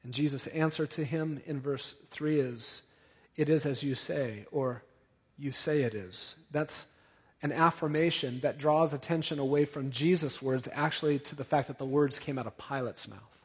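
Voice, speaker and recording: A man's voice: fairly high pitch, normal speed, breathy edge. Male preacher in an echoey hall. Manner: emphatic, building repetition. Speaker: pastor. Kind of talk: expository sermon. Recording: dull, echoey church hall.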